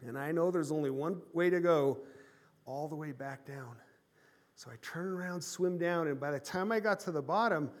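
Man in his forties, pastor, fairly high voice, animated sermon storytelling, loud and hushed by turns. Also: normal speed. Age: 40s.

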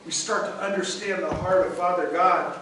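A middle-aged man preaches with raw emotion, his voice pitched high and rising in swells of volume. He is heard from a distance across a hall that echoes heavily. A faint noise hangs underneath. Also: steady tone, normal speed. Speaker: pastor. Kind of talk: sermon.

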